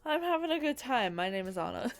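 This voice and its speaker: A woman's voice: on the high side, sing-song, fast, over loud music. A woman co-hosting a podcast, chatting casually in a playful, giggly way. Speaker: podcast co-host. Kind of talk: casual chat.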